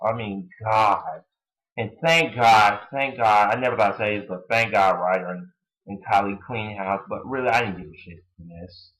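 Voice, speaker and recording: A man's voice: on the low side, steady tone, normal speed, a bit bright, rough recording. A young man giving a casual, blunt, opinionated review of a wrestling show, rambling with many fillers.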